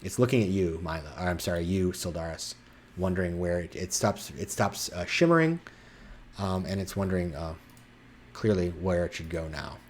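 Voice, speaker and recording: A man narrating as game master in a tabletop game, describing scenes in animated bursts with a husky voice. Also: low-pitched, moderate pace, a little hiss or hum.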